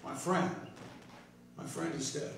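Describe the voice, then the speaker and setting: A man preaching a sermon as pastor, swinging between hushed, tender passages and emphatic, rising points. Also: mid-range voice, fairly even intonation, slow pace, background noise. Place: church sanctuary. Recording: echoey church hall from far off.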